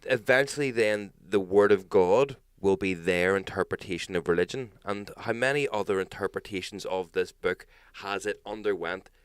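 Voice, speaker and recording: Northern irish guy on a podcast, low smooth voice, dry close sound, swears a lot and does loud impressions. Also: normal speed, few pauses, dry recording. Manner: animated storyteller, swears freely, mimics people loudly. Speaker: podcast co-host. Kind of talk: casual chat.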